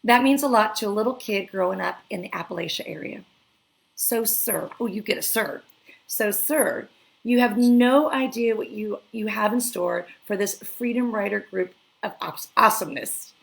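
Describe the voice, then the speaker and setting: A woman's voice: medium pitch, moderate pace, creaky, rough recording. A woman hosting a live online interview, effusive and emotional, reading a viewer's letter aloud. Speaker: host.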